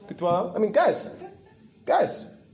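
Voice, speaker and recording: A man's voice: high-pitched, slow pace. A man preaching a sermon with passion, repeating himself for emphasis and telling stories. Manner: impassioned, repetitive, animated storytelling. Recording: echoey room.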